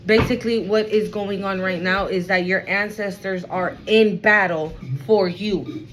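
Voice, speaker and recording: A woman's voice: mid-range voice, fairly even intonation, a little slow, very noisy. A woman giving a spiritual card reading to her viewers, emphatic and repetitive. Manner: emphatic, repeats phrases, addresses viewers as y'all. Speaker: tarot reader.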